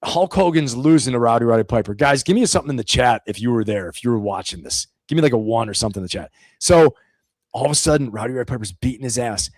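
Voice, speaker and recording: A middle-aged man chatting on a live stream, telling animated stories and acting out voices as he goes. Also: mid-range voice, quick pace, dry recording. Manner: animated storyteller, acts out voices. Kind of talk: casual live-stream chat.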